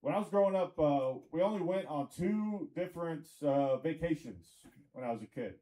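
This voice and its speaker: A man's voice: fairly high pitch, animated, normal speed, dark tone, poor audio. A man from Tennessee doing a rambling stand-up comedy set in a comedy club, with crowd work and lots of fillers.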